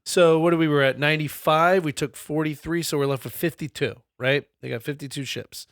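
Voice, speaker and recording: A man's voice: a little high, fairly even intonation, a little fast, a bit bright, no echo, studio quality. A man co-hosting a casual comedy history podcast, telling the story in a loose, profane, laughing way.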